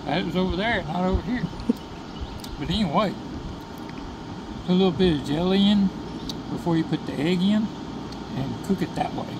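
This camping vlogger talks with a high, animated voice at normal speed, pausing often. He's casually narrating from a wooded campsite, addressing viewers in an easygoing way as guys, and the camcorder audio is noisy and outdoors.

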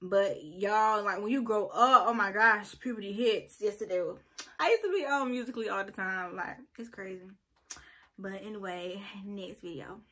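A woman chatting casually to her viewers in a reaction vlog, animated and swinging into low muttered asides. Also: normal speed. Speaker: vlogger.

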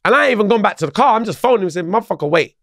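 London guy, raspy gravel in the voice, pitched a touch high, slangy and animated, close dry podcast mic. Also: very fast, no echo. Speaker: podcast guest. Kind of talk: casual storytelling.

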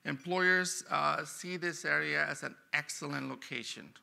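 A man lecturing on a stage at a university event, his voice very gravelly and edged with a sharp, tense brightness. He sits slightly high for a man and delivers his forecast in a lively, punchy way. He often leans hard on single words. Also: unhurried. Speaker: economics professor giving a forecast talk. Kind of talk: conference presentation.

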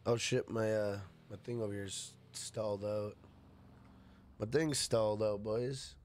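A man's voice: lowish voice, fairly even intonation, a little slow, a little mellow, a little hiss or hum. A man casually live-streaming a game, greeting chatters by name and swearing freely.

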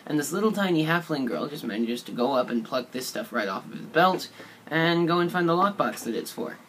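A man's voice: fairly high pitch, lively intonation, fairly quick, a bit bright, slight background noise. A man casually retelling a tabletop game session, rambling and profane, with lots of fillers. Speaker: storyteller.

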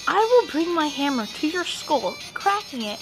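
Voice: high voice, sing-song, moderate pace, voice pushed up. A young person voicing a bossy, violent young female hedgehog, with music playing in the background. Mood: threatening.

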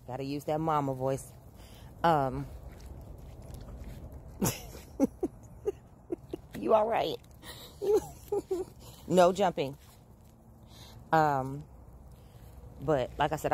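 A woman's voice: a bass voice, a little mellow, slight background noise. Chatty woman scolding puppies outdoors. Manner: chatty, laughs often, breaks off to call and scold her dogs. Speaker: vlogger and dog owner. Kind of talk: casual chat to camera. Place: outdoors in her backyard, early morning.

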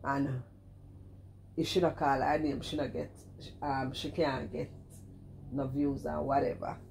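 A middle-aged woman with a Jamaican accent, chatting in animated, scolding commentary that keeps circling back to the same point. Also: rumbling low, measured pace, creaky, slight background noise. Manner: animated, scolding, repeats herself, exclaims "cheese and crime". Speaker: vlogger commenting on another streamer. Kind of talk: casual commentary chat.

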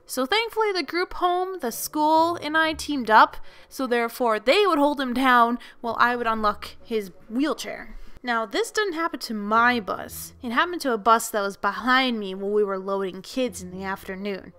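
A woman who works as a school bus driver, telling her stories as narration for an animated video in an expressive, lively way. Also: fairly high pitch, moderate pace, clean tone. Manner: lively, expressive storyteller who acts out the people she quotes.

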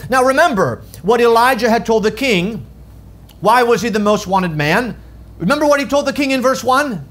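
A man preaching a sermon as pastor, with dramatic swings from loud calls to hushed low lines. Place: church sanctuary.

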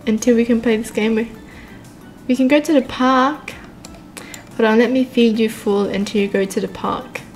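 Giggly high-voiced woman gaming host. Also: moderate pace, long pauses, faint music behind. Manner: giggly and excitable, laughs often. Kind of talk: let's-play commentary.

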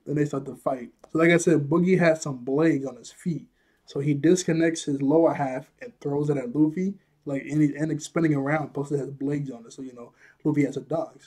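Husky, chuckling man recapping an anime. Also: fairly high pitch, normal speed, dark tone. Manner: chuckles often, loose and apologetic. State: a bit out of breath. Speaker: anime reviewer. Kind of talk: casual episode recap.

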